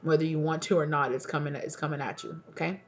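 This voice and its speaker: A woman's voice: steady tone, soft background music. A woman tarot reader speaking straight to her viewers, affectionate and soothing, often checking in on them. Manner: soft and soothing, deliberately lowered voice. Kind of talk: tarot reading addressed to viewers.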